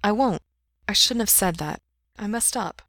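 A woman's voice: medium pitch, expressive, normal speed, fairly bright tone, dry recording, clean studio sound, voice pushed up. A woman voicing a guilt-ridden young man. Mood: pleading. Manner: earnest, apologetic, plaintive.

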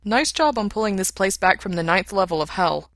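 A woman voicing a steady, earnest young man with an even manner. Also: mid-range voice, a little fast, no echo, studio quality.

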